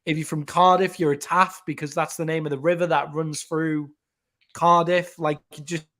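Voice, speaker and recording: A chatty man with a fairly high voice talks in a loose, unscripted podcast style. He swears freely and explains things at length. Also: flat delivery, normal speed, fairly bright tone. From England. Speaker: podcast co-host. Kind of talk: casual podcast chat.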